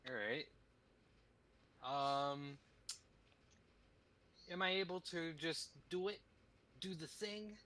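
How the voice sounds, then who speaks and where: Young male player, casual and offhand, bright, animated, highish voice. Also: slow, long pauses. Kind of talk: casual chat in a tabletop game.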